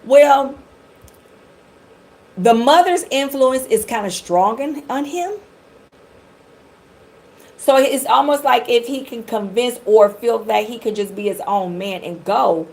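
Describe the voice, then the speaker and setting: A woman's voice: fairly high pitch, slow, long pauses, a little mellow, poor audio. A middle-aged woman from the Detroit area giving a live tarot reading, chatting and rambling straight to her viewers. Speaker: tarot reader.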